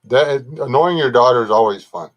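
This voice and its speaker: Older man, folksy rambling livestream talk, chats with viewers, middle-pitched voice. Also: animated, normal speed, highs cut off. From Texas. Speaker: livestream host. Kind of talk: casual live chat reading comments.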